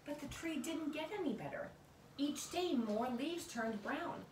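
A woman reading a picture book aloud to a child in an expressive way, with asides to the listener, recorded far off in an echoey room with noise. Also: sits high, unhurried. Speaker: storybook reader.

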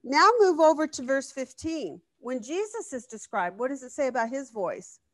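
A woman leads a live Bible study class, reading verses aloud and turning to the class with questions. Her voice sits fairly high and sounds dry and close. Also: big pitch swings, moderate pace, fairly bright tone, dry recording. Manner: conversational, asks the class questions, reads scripture aloud.

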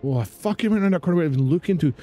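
A man's voice: fairly high pitch, animated, racing, dark tone, soft background music. A man with a British accent doing live gameplay commentary, swearing and ranting at the game in exasperation. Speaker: streamer.

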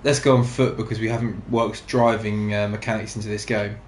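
A man's voice: fairly low pitch, flat delivery, fairly quick, roomy sound, slight background noise. A man giving chatty, joking commentary while playing a video game. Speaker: gamer co-host. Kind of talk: casual let's-play commentary.

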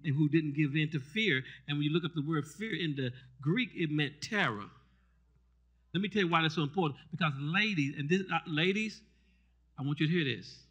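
A man preaching a fervent sermon in church. He keeps asking the congregation to respond and builds up to shouts. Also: on the high side, breathy edge. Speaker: pastor. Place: church service.

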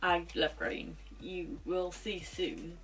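A woman's voice: fairly low pitch, sing-song, slow pace, a bit bright, husky. A young woman vlogger chatting casually and gushing about a shopping haul. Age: young adult.

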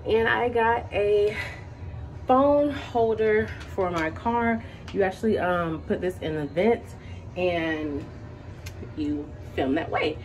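A woman with a slightly high voice speaks slowly as she vlogs from her bathroom at home, chatty and animated and talking directly to viewers. The recording is rough, with a little hiss or hum and music playing behind.

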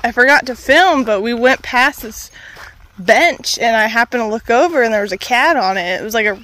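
A woman's voice: on the high side, expressive, normal speed, a bit bright. A woman vlogging casually on an outdoor trail, chatting and talking to her dog as she walks. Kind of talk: casual walking vlog.

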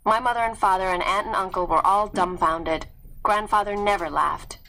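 A woman reading a story aloud in a clear, steady storytelling manner. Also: medium pitch, normal speed, low-quality recording. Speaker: read-aloud narrator.

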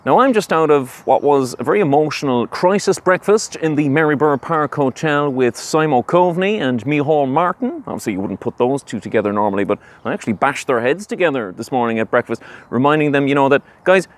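A man's voice: mid-range voice, expressive, a little fast, hardly any pauses, natural voice. A man with a Cork accent playing a smug, arrogant property-owning businessman in a satirical monologue, boastful and theatrical. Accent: Cork, Irish. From Ireland.

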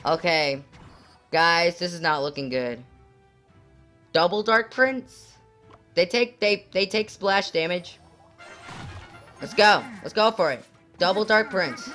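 A gaming channel host giving live commentary on a mobile match, shouting at the game and chatting to viewers with many fillers. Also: medium pitch, slow pace, long pauses, soft background music. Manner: excitable, yells at the game.

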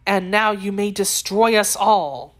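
A woman's voice: medium pitch, a little slow, lightly acted. A woman voicing an anxious young woman who speaks in a pleading, urgent and reproachful way in an audiobook reading.

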